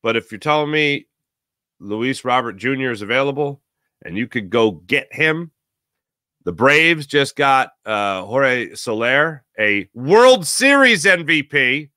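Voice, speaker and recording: A man hosting a live morning sports talk show, giving opinionated, rambling takes with sudden animated bursts. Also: mid-range voice, takes it slowly, dry recording, studio quality. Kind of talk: solo sports radio monologue.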